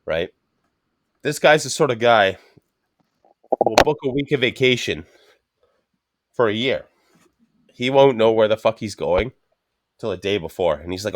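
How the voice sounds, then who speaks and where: A man with a lowish voice spins long, profanity-laced stories in loose podcast chat, acting out the other people's lines as he goes. The sound is dry and close, with no room around it. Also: lively intonation, normal speed, long pauses, no echo. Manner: profane, rambling anecdotes with frequent swearing; acts out quoted speech of others. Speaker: podcast co-host. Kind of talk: casual chat, storytelling.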